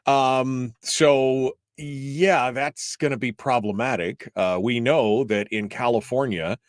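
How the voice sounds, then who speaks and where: A man hosting a talk show, upbeat and chatty, often pausing on "uh" as he talks. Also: medium pitch, fairly even intonation, no room sound, studio quality. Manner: upbeat, chatty, with frequent uh fillers. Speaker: radio show host.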